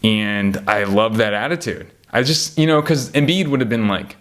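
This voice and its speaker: A man's voice: fairly low pitch, moderate pace, hardly any pauses. A man in casual chat about basketball players, rambling and getting worked up as he talks, full of fillers and asides. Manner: animated, rambling, gets worked up. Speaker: podcast host ranking basketball players.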